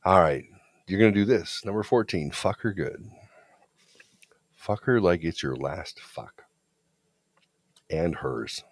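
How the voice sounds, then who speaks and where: A man's voice: low voice, lively intonation, slow pace, long pauses, no echo. A man co-hosting a podcast, telling a story in a blunt, profane, confident way. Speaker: podcast co-host. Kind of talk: casual storytelling chat.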